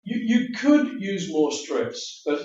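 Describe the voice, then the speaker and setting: A male IELTS speaking examiner gives spoken feedback after a mock test in a roomy classroom, sounding distant and dull on the recording. His voice is a little high and darkish with big pitch swings, and he speaks slowly in a friendly, chatty, explanatory way, repeating words.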